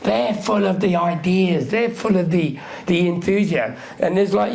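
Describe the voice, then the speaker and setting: At a measured pace with hardly any pauses, a man in his sixties speaks in a high, gravelly, darkish voice with lively intonation. This music figure is a live Q&A guest who tells stories brashly and profanely, impersonating the people he quotes.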